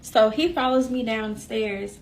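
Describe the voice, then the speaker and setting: A woman's voice: a little high, measured pace, recorded from a distance, slight background noise. Young woman telling a story. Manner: animated, addresses viewers directly. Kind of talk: casual storytime.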